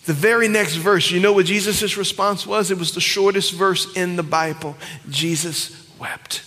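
A man preaching a sermon to his congregation, swinging between loud emphatic cries and hushed whispers. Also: sits high, fairly even intonation, normal speed. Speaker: pastor. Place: church sanctuary. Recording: long church hall reverb.

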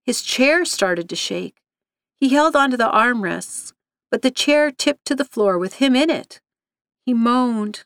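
A woman reading a scripted story aloud in an even, measured way. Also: a little high, dry recording, clean studio sound. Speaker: narrator.

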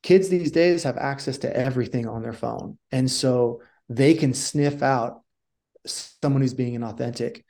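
A man's voice: mid-range voice, unhurried, gravelly. A middle-aged man who coaches communication, telling stories casually in an interview and acting out the dialogue. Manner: animated storyteller who acts out dialogue.

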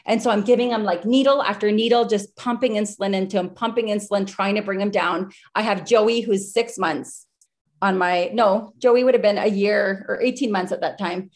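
Over a video call, a podcast guest in her thirties chats her way through a story, using many fillers such as "like" and retelling it breathlessly. Her voice is mid-range at normal speed.

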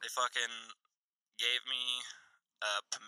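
A man's voice: mid-range voice, level tone, slow pace, bright, forceful tone, smooth, dry recording, low-quality recording. A man who is a farmer, a guest on a casual podcast, talking in a laid-back, offhand way.

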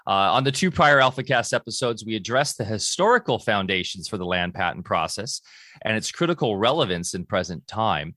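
A man's voice: lowish voice, animated, a little fast, bright, forceful tone, no room sound, studio quality. Hesitant man hosting a podcast. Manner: hesitant, many ums and uhs. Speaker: podcast host. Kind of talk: casual podcast talk.

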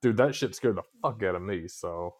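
A man's voice: sits low, moderate pace. A man co-hosting a casual podcast, telling stories with plenty of cursing. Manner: profane, animated storytelling. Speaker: co-host.

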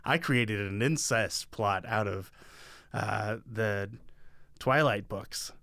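Male co-host, bright mid-pitched voice, dry close sound, playful rambling banter. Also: slow pace, gravelly, no room sound. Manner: jokey, rambling, many restarts and "like"s. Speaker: podcast co-host. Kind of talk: casual chat.

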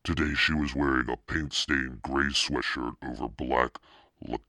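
A man's voice: a bass voice, steady tone, measured pace, pushed and bright, no echo, clean studio sound. A man casually reading a children's book aloud, now and then breaking off to comment on the text. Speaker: reader.

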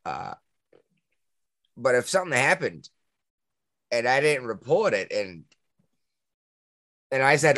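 A man with a Massachusetts accent co-hosting a podcast in casual chat, talking in an animated way that jumps high when he gets worked up. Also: measured pace, pauses often, no echo, studio quality. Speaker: podcast co-host.

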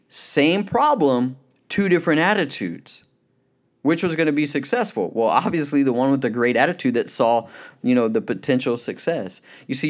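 A man preaching a sermon, telling illustrative stories and slowing down to stress the key points. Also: medium pitch. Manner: storytelling, emphatic, slows down on key points.

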